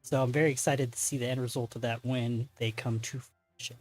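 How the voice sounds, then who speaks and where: A man's voice: medium pitch, level tone, fairly quick, faint music behind. A man hosting a tabletop stream as game master, chatting casually through announcements with many fillers and self-corrections.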